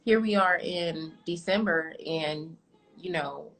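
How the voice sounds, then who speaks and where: A woman's voice: fairly low pitch, slow, a bit bright, poor audio. A woman in her twenties, an astrologer talking openly and confidingly to her live-stream viewers, calling them "y'all". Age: 20s.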